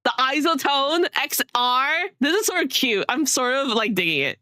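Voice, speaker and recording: This young streamer's voice sits high, expressive, pushed and bright, at a moderate pace with no echo. She giggles and rambles through casual commentary on her game, peppering it with fillers like "like" and "sort of."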